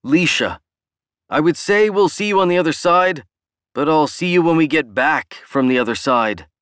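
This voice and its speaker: Booming rally leader, loud and raised high, read by a man narrating. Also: lively intonation, moderate pace, clear, resonant tone, dry recording, clean studio sound. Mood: rousing. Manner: booming, near shouting. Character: booming male human leader rallying a crowd.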